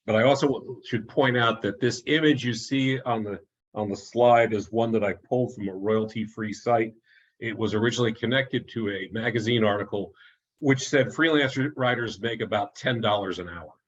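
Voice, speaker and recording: A man's voice: on the low side, moderate pace, breathy edge, lo-fi sound. A man giving an online talk as an author, telling anecdotes in a chatty way, often restarting and chuckling at his own stories.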